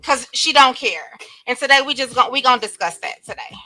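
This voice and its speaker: Bright high-voiced woman live-streaming. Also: animated, no room sound, rough recording. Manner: greets chat viewers by name, drawn-out greetings. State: sniffling. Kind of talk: casual live-stream chat. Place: home bedroom.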